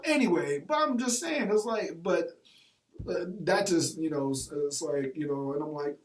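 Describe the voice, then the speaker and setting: A man with a fairly high voice tells a personal story in an animated, slangy way, acting out what people said. He sits back from the mic, so he sounds distant. The room is roomy and echoey. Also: moderate pace. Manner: animated, colloquial, reenacts quotes, laughs at own story. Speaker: teacher and former football coach.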